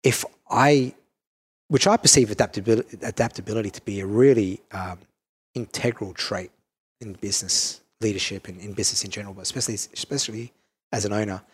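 Husky Australian man, hesitant. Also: fairly low pitch, brisk. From Perth, Australia. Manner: hesitant, restarts, many fillers. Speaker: business owner, interviewee. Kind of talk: reflective interview talk.

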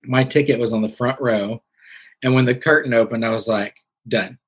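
A man's voice: mid-range voice, moderate pace, breathy edge. A man from Southwest Missouri, a podcast host being interviewed, chatting casually and animatedly acting out the people in his story. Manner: chatty, animated retelling with quoted voices.

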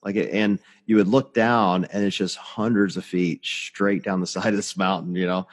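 A man's voice: deep voice, steady tone, normal speed, long reverb tail. A man in his forties, a podcast host telling stories in casual chat, blunt and swearing freely. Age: 40s.

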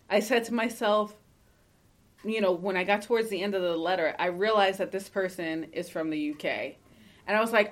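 A woman co-hosting a casual podcast, talking emphatically and passionately, cursing freely and laughing often, and at times reading a listener's letter aloud. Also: medium pitch. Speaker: podcast co-host.

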